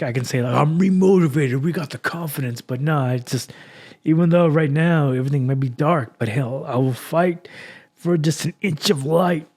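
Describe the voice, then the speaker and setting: A man's voice: mid-range voice, a little mellow. Emotional man hosting a podcast. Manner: raw, heartfelt, motivational, with sighs. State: emotional after crying. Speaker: podcast host. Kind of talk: emotional solo podcast talk.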